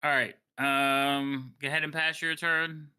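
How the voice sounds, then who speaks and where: A man acting as game master in an online tabletop game, explaining rules quickly and laughing often. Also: fairly high pitch, level tone, sharp tone, clear, resonant tone.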